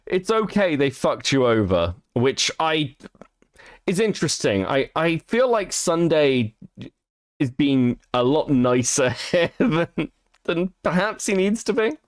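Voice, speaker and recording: A man's voice: on the high side, very animated, takes it slowly, dry recording, studio quality. A man streaming casual reaction commentary, chatty and profane, laughing between remarks.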